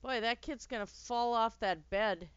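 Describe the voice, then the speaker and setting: A woman's voice: on the high side, measured pace, clean tone, no echo. A woman streamer giving wry, self-mocking asides while playing a game. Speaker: let's play streamer. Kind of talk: casual game commentary. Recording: dull lo-fi dry recording.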